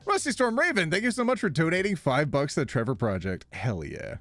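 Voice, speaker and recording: Guy streamer chatting with chat, super lively voice that swoops up and down, lots of laughing, faint music behind. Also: a little high, brisk, no room sound. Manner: animated, reads chat aloud and laughs a lot. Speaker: live streamer. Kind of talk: casual live-stream chat.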